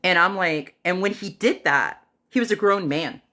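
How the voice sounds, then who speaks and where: A woman on a livestream telling a personal story casually and dramatically, pausing often, with fillers and acted-out quotes. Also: fairly low pitch, sharp tone. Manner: dramatic retelling that acts out other people's lines; unhurried, with pauses and fillers.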